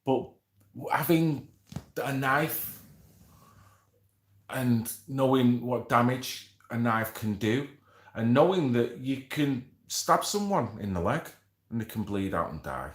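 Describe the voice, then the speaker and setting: A man's voice: mid-range voice, lively intonation, takes it slowly, pauses often, echoey room. A man hosting a casual livestream, bantering with viewers, swearing and reading out names from the chat. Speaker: livestream host.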